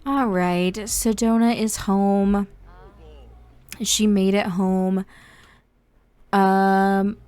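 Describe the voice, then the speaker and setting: Woman from Indiana, gaming host, bubbly, gushing, casual gameplay commentary, mid-pitched voice. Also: flat delivery, very slow, long pauses, a little mellow, smooth, dry recording.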